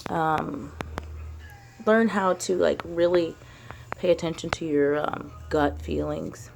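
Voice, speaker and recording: A woman with a low, gravelly voice rambles casually to camera about her spiritual path. Her talk is loose and unpolished, peppered with fillers and easy swearing, as she thinks out loud. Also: fairly even intonation, takes it slowly, background noise. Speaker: spiritual vlogger.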